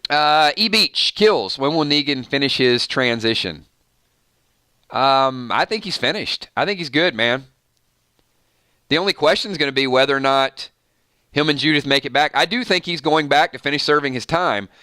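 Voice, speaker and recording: A man's voice: a little high, animated, normal speed, pushed and bright, clean tone, no echo, studio quality. A man with a Georgia accent, casually hosting a live stream and reading viewer chat in an easygoing, folksy way with frequent chuckles. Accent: Georgia, US South. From Georgia, USA.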